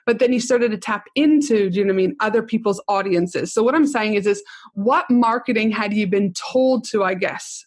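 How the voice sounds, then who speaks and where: Host: enthusiastic woman, chatty interviewer, conversational, mid-pitched voice. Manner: enthusiastic, chatty, repeats "do you know what I mean". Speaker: podcast host.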